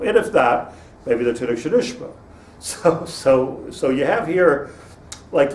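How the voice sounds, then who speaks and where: A man's voice: medium pitch, a little mellow. A man, a rabbi, giving an informal Torah lecture to a class, digressing, restarting sentences and laughing at his own jokes. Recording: roomy, distant mic with faint noise.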